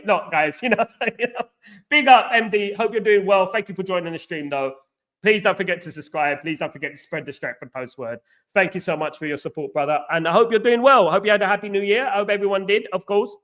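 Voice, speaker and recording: Hosting a casual livestream, a middle-aged man with a London English accent rambles and keeps repeating "you know what I mean." He talks fast, and his voice sits high with a fairly bright tone.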